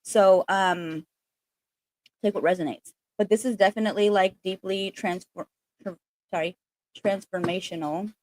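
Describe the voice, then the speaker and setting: A woman's voice: mid-range voice, steady tone, normal speed, pauses often, a little mellow. A woman hosting a casual spiritual livestream, chatting in a rambling way full of fillers, recorded on a laptop.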